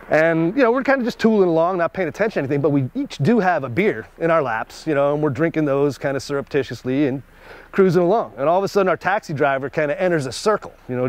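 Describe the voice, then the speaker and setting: Chuckling American man telling stories. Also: on the high side. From United States. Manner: animated, chuckles between lines. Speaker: storyteller. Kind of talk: casual spoken anecdote.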